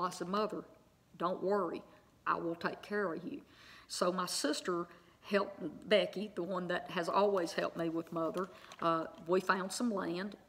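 A middle-aged woman with a gravelly, somewhat low voice tells viewers a personal story. She talks in a chatty, rambling way, with fillers and asides like "right?" and "okay?". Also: fairly bright tone. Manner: chatty, many fillers and tag questions. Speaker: online Bible teacher.

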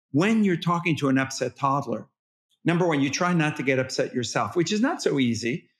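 Appearing as a guest in an interview, this man is a parenting expert with a mid-range voice. He explains things animatedly and demonstratively, acting out how parents talk to toddlers.

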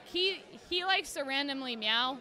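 Bright-voiced, high-pitched young woman. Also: unhurried, a faint crowd. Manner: animated storyteller, acts out quotes in voices. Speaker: podcast guest, cosplayer. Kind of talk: casual chat.

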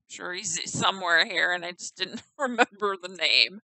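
A woman's voice: fairly low pitch, expressive, normal speed, sharp tone, dry recording, rough recording. A woman giggling and thinking aloud in casual commentary as she tours a house in a game. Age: adult. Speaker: gamer touring a player-built house.

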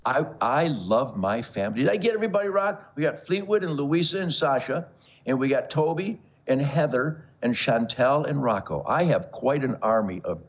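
An older man holds forth as a show host, boastful and bombastic, joking and laughing at his own lines. His husky voice swings widely in pitch. The sound is dull and lo-fi, like a broadcast feed. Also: lively intonation, moderate pace. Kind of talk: rambling monologue to camera.

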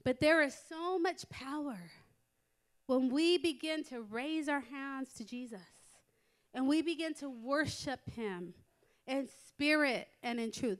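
A middle-aged American woman preaching a sermon in a church, telling stories in a lively way and building to emphatic exhortation. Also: sits high, slow. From United States. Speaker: women's conference speaker. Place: church sanctuary.

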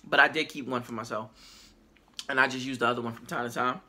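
A woman chatting casually to her viewers in a haul video, lively and exclamatory, talking straight to the camera and sometimes while chewing. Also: extremely low pitch, fast talker, breathy edge. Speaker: haul vlogger. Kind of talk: casual haul vlog chat.

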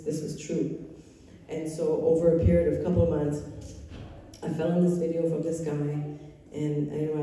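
A woman's voice: low-pitched, mellow. A woman sharing her personal faith testimony, telling it earnestly and with emotion. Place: live event room. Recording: echoey hall, picked up from far off.

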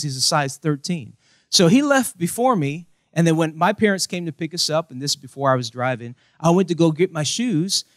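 A man's voice: fairly high pitch, no room sound, clean studio sound. A young man from the United States preaching a sermon with humor, acting out voices in his stories. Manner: animated, acts out quoted voices. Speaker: pastor.

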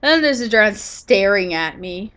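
A woman's voice: mid-range voice, animated, normal speed, fairly bright tone. A woman doing a casual voice-over of her own gameplay footage, sleepy and yawning, rambling with lots of fillers and restarts. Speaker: gaming channel host.

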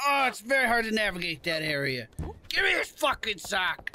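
Man, high lively voice, bright tone, excitable gaming commentary, swears a lot. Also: moderate pace, faint music behind. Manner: excitable, swears and shouts at game characters. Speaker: gamer playing a goose game. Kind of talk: casual let's-play commentary.

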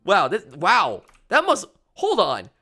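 Animated young male game streamer. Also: high voice, takes it slowly, faint music behind. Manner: rambling, playful, reads chat aloud. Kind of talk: casual gameplay commentary.

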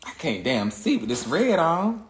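A woman's voice: deep voice, very animated, moderate pace, roomy sound, a little hiss or hum. Crude, joking woman on a livestream. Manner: crude, joking, laughs often. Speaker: social media personality. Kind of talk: casual livestream chat. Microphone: phone.

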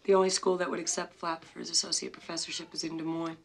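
An actress playing a frank, teasing young newlywed daughter in a film. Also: female voice, lowish voice, flat delivery, fast talker. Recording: film audio with background noise.

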